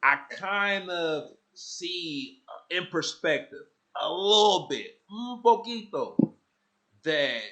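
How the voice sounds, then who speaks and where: A man hosting a casual podcast chat, talking in an animated, slangy and profane way, telling stories with lots of asides. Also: sits high, slow pace. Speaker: podcast host.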